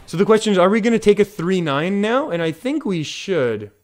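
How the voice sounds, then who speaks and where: A man streaming a card game, chatting casually with his viewers and reacting with excitement to each play. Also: sits high, brisk. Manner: chatty, reads chat aloud, excitable. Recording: faint music behind.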